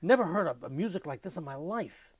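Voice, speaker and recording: An older man giving an oral history interview, telling lively anecdotes and mimicking music with his voice. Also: fairly high pitch, a little fast, breathy edge, no room sound.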